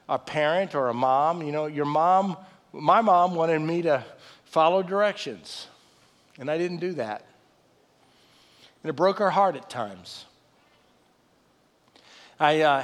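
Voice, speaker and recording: A middle-aged man giving a sermon as pastor. He preaches in a conversational way and tells stories that break into laughs and loud bursts. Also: a little high. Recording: long reverb of a large hall.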